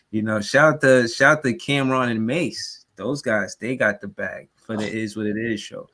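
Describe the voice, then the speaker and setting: A man's voice: mid-range voice, a bit bright. Rambling New man hosting a podcast. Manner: rambling, heavy on filler phrases. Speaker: podcast host. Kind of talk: casual sports podcast talk.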